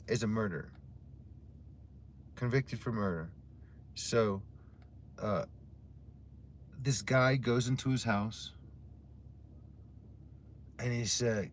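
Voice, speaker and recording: A man's voice: on the low side, lively intonation, takes it slowly, pauses often, slight background noise. A man casually telling stories to his livestream audience in a rambling, heavily profane way while drinking a beer. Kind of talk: casual storytelling chat to a live audience.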